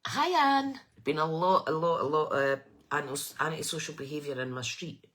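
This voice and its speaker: A woman's voice: low-pitched, moderate pace, fairly bright tone, rough recording. A middle-aged woman hosting a chatty craft live stream with a bunged-up nose, rambling and greeting viewers by name. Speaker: craft livestream host.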